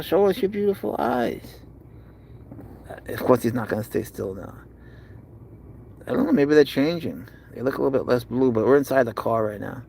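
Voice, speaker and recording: A man streaming live from inside a car, doting on his pet cat and often slipping into high baby talk. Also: gravelly, a little mellow, a little hiss or hum. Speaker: pet owner vlogger. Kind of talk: casual live-stream chat.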